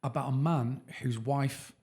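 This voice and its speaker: A man's voice: mid-range voice, steady tone, measured pace, darkish tone. A middle-aged man co-hosting a podcast, telling stories in casual chat, laughing often and swearing now and then. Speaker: podcast co-host.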